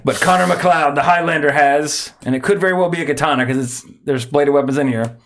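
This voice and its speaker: A man's voice: medium pitch, a little fast. Rambling male podcast host. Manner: rambling, self-correcting, chuckles often. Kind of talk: casual podcast chat.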